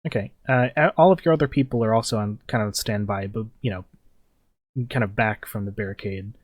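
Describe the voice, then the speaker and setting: A man's voice: on the low side, brisk, no room sound. Young guy gm-ing a tabletop game, rambly, lots of um and like, dry close mic. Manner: loose and rambling, full of fillers. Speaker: game master.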